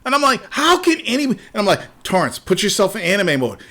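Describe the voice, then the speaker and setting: A man hosting a casual show, ranting in an animated, profane way and trailing off into repeated words. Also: high-pitched, fairly quick, a crowd in the background. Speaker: podcast host.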